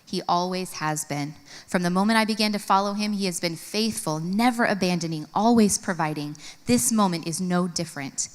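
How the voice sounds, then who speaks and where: A woman in her thirties speaking at a conference, telling an earnest personal story and reading from her journal. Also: brisk. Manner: earnest, storytelling, expressive swings in pitch. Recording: long hall reverb.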